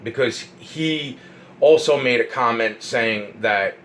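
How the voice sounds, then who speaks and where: A man recounts a story in a loose, rambling way, swearing often and repeating phrases as he gets worked up. His voice sits at an ordinary middle pitch. A faint hiss runs under the recording. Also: slow pace, low-quality recording. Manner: profane, excitable, repeats himself.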